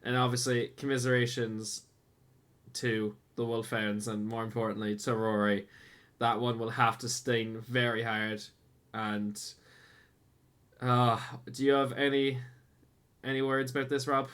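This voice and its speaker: Relaxed esports host. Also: male voice, mid-range voice. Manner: relaxed, friendly, halting with restarts. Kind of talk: casual post-match commentary.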